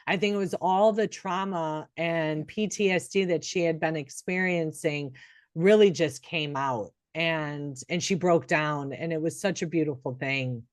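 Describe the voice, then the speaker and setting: A woman's voice: low voice, measured pace, no echo, clean studio sound. A middle-aged woman, a nurse and podcast co-host, talking in an earnest, encouraging way with frequent restarts. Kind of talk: casual podcast chat.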